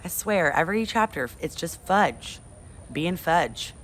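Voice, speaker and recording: A woman reading a chapter book aloud to her students in a steady, lowish voice. Between chapters she chats to them in a friendly, casual way. A faint background noise sits under her voice. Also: unhurried. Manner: friendly, chatty sign-off. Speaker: teacher reading to class. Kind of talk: read-aloud storytelling.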